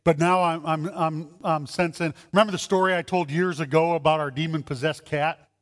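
A man preaching a sermon as a pastor, animated, acting out voices in his stories. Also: on the high side, a little fast. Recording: long hall reverb.

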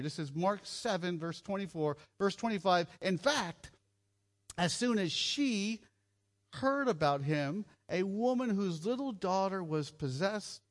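A middle-aged man giving a conversational sermon, joking and asking his listeners questions as he goes. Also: high-pitched. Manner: conversational, jokey, asks the audience questions. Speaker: preacher at a children's home gathering.

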